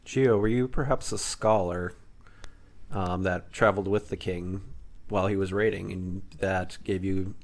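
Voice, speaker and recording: Man, dungeon master, low voice, easygoing, encouraging. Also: fairly even intonation, measured pace. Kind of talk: casual game mastering.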